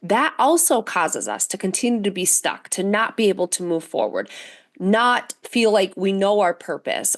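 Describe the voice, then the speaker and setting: Earnest woman in her forties. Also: on the low side. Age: 40s. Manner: earnest, animated storytelling with many restarts. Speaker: guest. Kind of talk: interview conversation.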